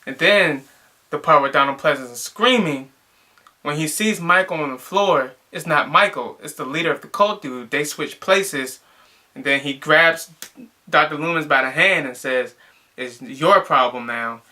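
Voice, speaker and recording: A man's voice: fairly high pitch, moderate pace, sharp tone. A young man casually reviewing a movie, rambling and exasperated, with lots of filler words.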